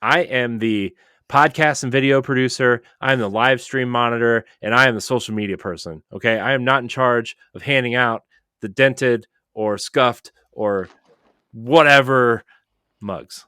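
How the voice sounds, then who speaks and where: A man's voice: medium pitch, measured pace, bright, forceful tone, clean tone, no echo, studio quality. A man who produces the podcast, talking in rambling, emphatic banter that he punctuates with "okay?".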